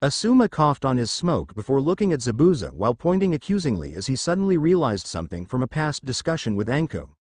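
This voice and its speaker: A man's voice: medium pitch, big pitch swings, fast talker, few pauses, darkish tone, no room sound, clean studio sound. A man narrating a story, reading it out expressively.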